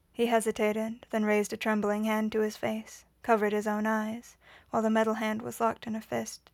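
Woman, storybook reading, quiet and measured, fairly high, very even pitch. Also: gravelly, no room sound. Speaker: reader. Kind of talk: audiobook reading of fan fiction.

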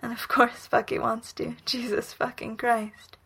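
A woman reading a romantic story aloud in whispered role-play, soft, breathy and unhurried. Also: on the high side, flat delivery. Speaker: reader.

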